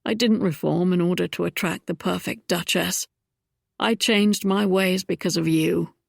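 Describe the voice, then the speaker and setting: Roguish regency duke, woman doing him, a touch lower, gravelly, dry close sound, wry and teasing. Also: steady tone, moderate pace, dry recording. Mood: earnest.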